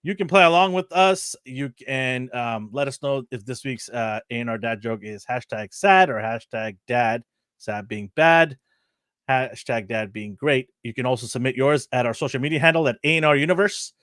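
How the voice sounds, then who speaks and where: A man hosting a casual podcast, energetic and jokey, often laughing and whooping. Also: medium pitch, moderate pace, no echo, clean studio sound. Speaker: podcast host.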